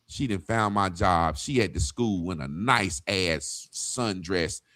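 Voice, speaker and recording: A man's voice: sits low, animated, unhurried, hardly any pauses, fairly bright tone, no echo, studio quality. A man telling profane stories in a casual chat, acting out the voices of people he quotes. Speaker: guest.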